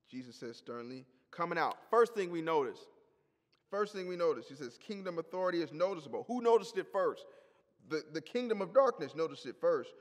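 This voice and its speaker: A man preaches an emphatic sermon in a high voice, hammering home key phrases by repeating them. His voice rings out in a hall with a long, lingering reverb. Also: lively intonation, a little fast. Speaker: pastor.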